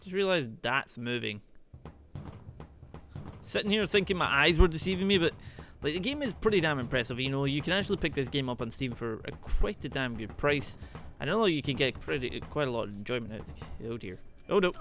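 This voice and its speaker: Animated man narrating gameplay. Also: medium pitch, moderate pace. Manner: chatty, thinking aloud, exclaiming at mishaps. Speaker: gaming video host. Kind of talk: gameplay commentary.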